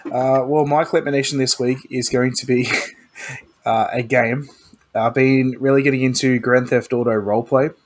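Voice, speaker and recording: A man's voice: medium pitch, fairly even intonation, normal speed. A man co-hosting a podcast, talking in an easygoing way with many likes and ums. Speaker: podcast co-host. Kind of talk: casual chat.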